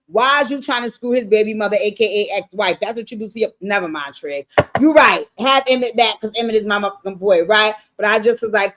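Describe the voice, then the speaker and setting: A woman recapping a TV episode on a livestream, telling it in casual, animated, profane style and acting out the characters' lines. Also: a little high. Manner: animated, profane storytelling with acted-out quotes. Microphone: streaming setup mic.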